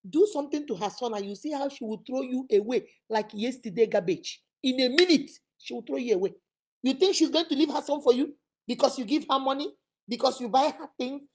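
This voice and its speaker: A Nigerian woman talks straight to her viewers about marriage trouble, emphatic and a little preachy. Her voice sits high and sounds husky. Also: brisk, darkish tone. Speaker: relationship advice vlogger. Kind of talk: advice talk to camera.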